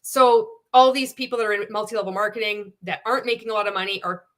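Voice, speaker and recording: A woman's voice: mid-range voice, fast talker. A woman hosting a casual livestream, reading chat comments and giving blunt commentary that is full of swearing. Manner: candid and animated, laughs often. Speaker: livestream host.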